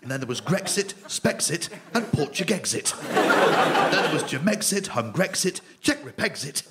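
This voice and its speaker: An actor playing an earnest male political correspondent, reporting briskly. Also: a little high, sing-song, heavy background noise.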